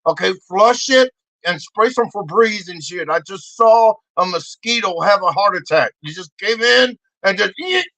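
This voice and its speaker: A man doing a rowdy foul-mouthed loudmouth. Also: sits high, expressive, moderate pace, dry recording, full character voice, rough recording. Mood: outraged. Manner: shouting, crude, mocking rants. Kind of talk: comedic character sketch.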